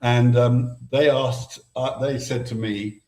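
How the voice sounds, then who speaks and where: Frank, reflective man chatting as an interview guest, medium-pitched, with a roomy, echoey sound around his voice. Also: steady tone, takes it slowly, dark tone. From England. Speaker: pop band member, interview guest. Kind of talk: casual interview chat.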